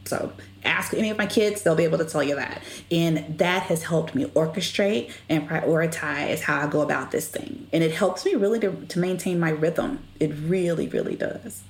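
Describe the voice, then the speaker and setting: A middle-aged woman telling stories as an interview guest, animated and expressive. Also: sits low, normal speed. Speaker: guest, business leader. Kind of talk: conversational interview storytelling. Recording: echoey room with faint background noise.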